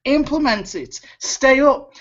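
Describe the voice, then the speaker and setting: A man's voice: extremely high pitch, expressive, slow, a bit bright, dull audio. A man hosting a webinar, giving an urgent motivational pep talk and repeating words as he pleads with listeners over a video call. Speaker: webinar host.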